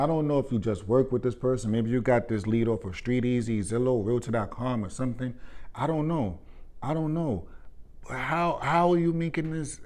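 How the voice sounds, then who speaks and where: A man tells a frustrating workplace story in an exasperated, animated way. His pitch sits in a middle range, and he keeps circling back to disbelieving questions. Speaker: real estate agent. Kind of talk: ranting vlog.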